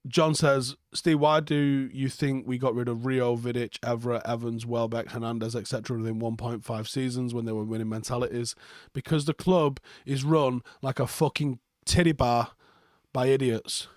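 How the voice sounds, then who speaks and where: A man's voice: mid-range voice, level tone, moderate pace, no echo, studio quality. A young man, hosting a live football reaction stream, reading viewer comments and answering them bluntly with plenty of swearing and sarcasm.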